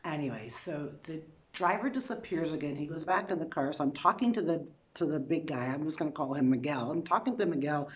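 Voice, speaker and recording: Woman telling a travel story, lively asides. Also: deep voice, lo-fi sound. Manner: animated, restarts and quick asides. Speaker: travel vlogger. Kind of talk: casual storytelling.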